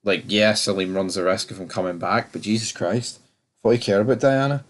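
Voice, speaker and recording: A man's voice: lowish voice, fairly even intonation, fairly quick. Rambling man reviewing TV. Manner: rambling, stammering restarts, exasperated. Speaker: TV review channel host. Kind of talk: casual episode review.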